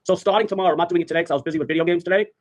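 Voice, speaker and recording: Fast, high-voiced ranting male streamer. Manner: rambling, profane, repeats phrases. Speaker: live streamer. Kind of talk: ranting livestream storytelling.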